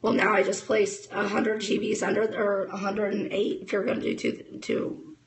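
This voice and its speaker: A woman's voice: mid-range voice, level tone, moderate pace, gravelly, rough recording. A woman in her thirties giving a casual, fired-up motivational talk to camera as a network marketing distributor, chatting straight to her viewers.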